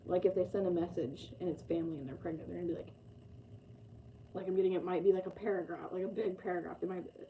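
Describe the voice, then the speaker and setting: A woman's voice: on the low side, steady tone, fast, phone-quality sound, a little hiss or hum. A woman giving a casual, rambling tarot reading, full of fillers and the odd swear. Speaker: tarot reader.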